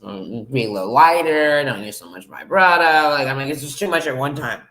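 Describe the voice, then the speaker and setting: Very low-voiced chatty woman host. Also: fairly quick, fairly bright tone. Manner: chatty, encouraging, laughs often. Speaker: podcast host. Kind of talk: casual livestream interview.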